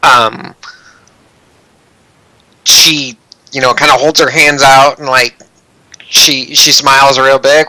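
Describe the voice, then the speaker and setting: Slow, bright-voiced game master. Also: male voice, medium pitch, fairly even intonation, no room sound, poor audio. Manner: hesitant, many ums and restarts. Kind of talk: narrating a tabletop game.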